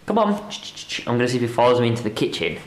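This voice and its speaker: A man chatting casually in a home vlog, often breaking into high excited squeals. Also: quick pace, reverberant, background noise. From United Kingdom. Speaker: vlogger. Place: house.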